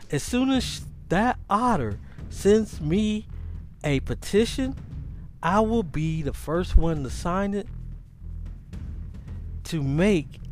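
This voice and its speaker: A man hosting a podcast, talking in a casual, animated, rambling monologue with many restarts. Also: a little high. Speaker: podcast host.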